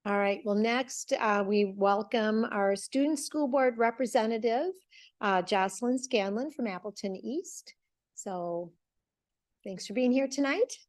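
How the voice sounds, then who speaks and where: Woman running a board meeting, a bit high voice, easygoing and jokey. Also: a little slow. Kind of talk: chairing a meeting. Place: school board meeting room.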